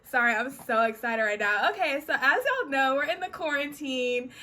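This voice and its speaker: A woman's voice: high voice, animated, moderate pace, sharp tone. A young adult woman chatting casually in a home beauty vlog, bubbly and sprinkling her talk with playful catchphrases. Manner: bubbly, peppers talk with "honey" and "period". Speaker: beauty vlogger.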